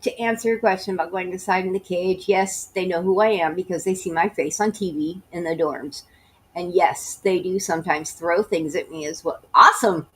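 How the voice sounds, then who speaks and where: A woman's voice: on the low side, fairly even intonation, moderate pace, a little mellow, breathy edge. A woman with a slight Southern US accent, reading emails aloud and breaking in with blunt, mocking asides. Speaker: YouTuber reading letters aloud. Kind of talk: reading emails with sarcastic commentary.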